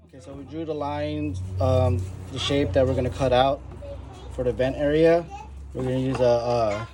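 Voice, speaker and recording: Man, workshop vlog narration, relaxed how-to explaining, faint background noise. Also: mid-range voice, normal speed. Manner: relaxed step-by-step explaining with fillers. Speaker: car body shop builder. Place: garage workshop.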